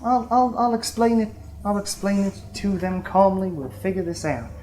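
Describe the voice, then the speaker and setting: A woman's voice: mid-range voice, lively intonation, normal speed, dark tone, a little hiss or hum, voice pushed up, natural voice. Woman voicing a gracious noble countess. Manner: gracious, soothing.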